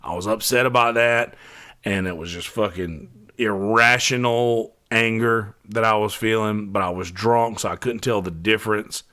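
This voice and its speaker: A podcast host tells a personal story in a casual monologue. His voice sits a little low, and his telling is loose and profane, with frequent false starts and repeated words. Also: fairly even intonation, moderate pace, pushed and bright. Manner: profane, rambling, with many restarts and fillers.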